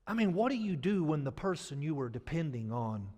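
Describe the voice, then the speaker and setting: A man's voice: on the high side, sing-song, fairly quick, a little mellow, highs cut off. A male pastor preaching a dramatic, emphatic sermon with folksy phrasing. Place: church sanctuary. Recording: long church-hall reverb.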